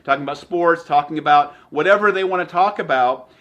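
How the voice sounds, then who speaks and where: A man giving an energetic motivational talk as a sales trainer, emphatic and repeating his phrases. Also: on the high side, brisk, muffled recording.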